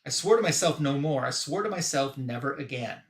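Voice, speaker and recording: A man's voice: mid-range voice, lively intonation, fairly quick, natural voice. A man voicing a frustrated professor whose inventions get ignored, in a casual comic-book retelling. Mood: aggrieved. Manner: indignant, pleading. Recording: roomy echo.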